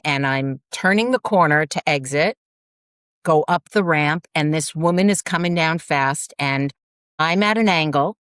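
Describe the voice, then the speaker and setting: A woman co-hosting a podcast, retelling an everyday story in a lively, animated way. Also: sits low, clear, resonant tone, no room sound, studio quality. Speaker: podcast co-host. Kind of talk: casual chat.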